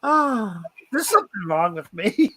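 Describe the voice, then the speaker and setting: Lively excitable male host, dry sound. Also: sits high, unhurried, dry recording, rough recording. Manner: excitable, laughs a lot. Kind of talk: casual chat.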